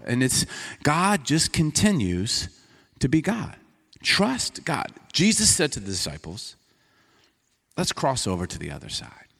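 Brief: male pastor, lively storytelling sermon, rising and falling pitch, long hall reverb. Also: husky. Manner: conversational storytelling preacher, acts out dialogue.

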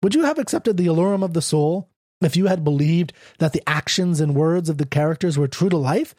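A man's voice: on the high side, lively intonation, a little fast, darkish tone, no room sound, clean studio sound. A man reading a stubborn, unshaven young story writer who speaks bluntly and with slang, in an audiobook. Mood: argumentative.

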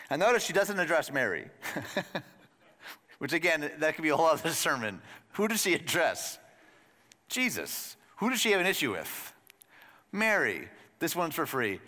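A man preaching a sermon as a pastor, conversational and lively, addressing the congregation with questions. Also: a little high, in a large hall.

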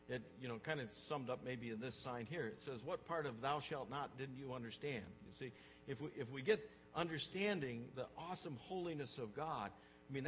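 A male pastor preaching a sermon, emphatic, repeating words for stress and swinging from hushed to loud. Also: medium pitch, in a large hall, dull audio, slight background noise.

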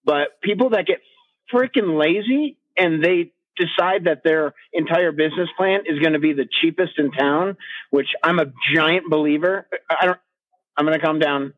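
Male coach on a podcast, fired up and profane, higher-pitched voice, muffled lo-fi audio. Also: normal speed. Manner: fired-up, swears freely, ranting. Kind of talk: casual podcast chat.

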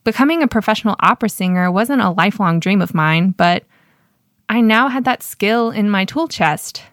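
A woman podcast host reading a scripted personal story in a measured, self-deprecating way. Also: mid-range voice, expressive, no echo, studio quality.

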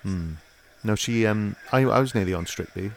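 A man's voice: on the low side, normal speed, vocal fry, slight background noise. A man, an actor, chatting in improvised comedy, rambling and self-important, full of hesitations.

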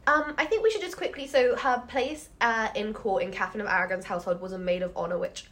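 A chatty woman co-hosts a relaxed history podcast. She fills her talk with "like" and "um", and laughter slips in now and then. Her voice sits at an ordinary pitch. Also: fast. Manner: chatty, laughs often, many fillers. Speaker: podcast co-host. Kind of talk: casual history chat.

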